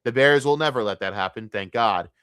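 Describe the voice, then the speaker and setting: Excitable, foul-mouthed young man streamer. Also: medium pitch, a little fast, clear, resonant tone, no echo, clean studio sound. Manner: excitable, profane, rambling. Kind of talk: casual sports rant.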